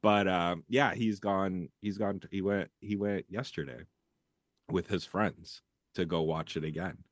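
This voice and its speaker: A middle-aged man from Canada with a very low, deep voice, chatting loosely as a podcast co-host. He rambles and swears freely, and the sound is close and dry with no room around it. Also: fairly even intonation, measured pace, no echo. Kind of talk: casual chat.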